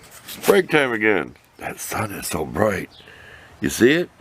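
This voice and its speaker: A man's voice: fairly low pitch, wildly swooping pitch, a little slow, fairly bright tone, breathy edge. An older man vlogging outdoors by his shop, talking to the camera in a folksy, rambling way, sometimes answering himself. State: out of breath. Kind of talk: casual outdoor chat to camera.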